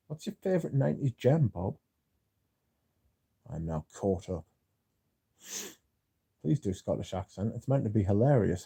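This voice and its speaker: A man's voice: mid-range voice, very animated, measured pace, creaky, long pauses, dark tone, slightly rough, dry recording. A man hosting a casual livestream, reading viewer comments aloud and answering them with dry, sardonic banter. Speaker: livestream host.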